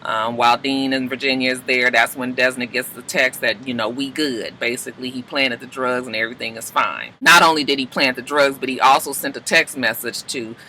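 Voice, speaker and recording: A man casually recapping a TV episode, acting out the characters' lines in high put-on voices. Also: steady tone, brisk, few pauses, bright, forceful tone, slight background noise, low-quality recording.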